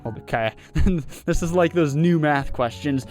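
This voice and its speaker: A man's voice: on the high side, unhurried, darkish tone, faint music behind. Giggly man narrating a game. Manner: playful, giggly, rambling. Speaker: game streamer. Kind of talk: playthrough commentary and narration.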